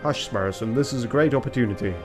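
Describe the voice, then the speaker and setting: A man voicing a calm, confident male falcon lawyer with a formal manner. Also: mid-range voice, quick pace, music in the background, close to an everyday voice. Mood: composed.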